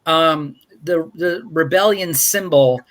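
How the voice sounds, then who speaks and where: A man's voice: a little high, slow pace, fairly bright tone. A man hosting a casual live-stream movie review over a video call, rambling and wry with frequent fillers and restarts. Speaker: movie review show host.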